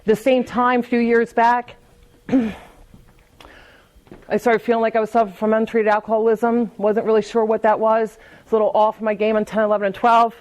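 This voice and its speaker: A woman's voice: on the high side, little pitch movement, normal speed, pauses often, a little mellow, low-quality recording. A woman giving a candid, conversational recovery talk, often restarting and repeating words and laughing lightly between thoughts. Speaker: AA speaker. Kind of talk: personal recovery talk at a meeting.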